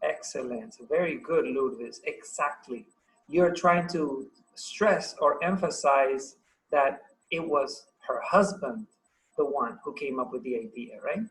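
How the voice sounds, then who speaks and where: Man, Paraguayan Spanish accent, English teacher, video call, slow unhurried delivery, encouraging. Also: medium pitch, a bit bright, poor audio. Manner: patient, encouraging, asks many questions. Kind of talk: online class teaching.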